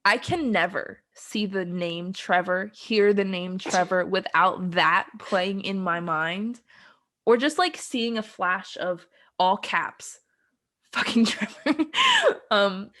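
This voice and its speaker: A young woman co-hosting a podcast, her voice sitting at an ordinary middle pitch. She talks in a loose, rambling way, filling gaps with ums and breaking into giggles as she recaps scenes. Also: slow pace, a bit bright. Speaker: podcast co-host. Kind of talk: casual chat.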